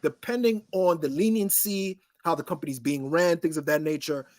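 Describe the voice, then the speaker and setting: A man's voice: fairly high pitch, normal speed, no echo, studio quality. A man co-hosting a podcast in casual debate, often asking if you get what he's saying. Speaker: podcast co-host.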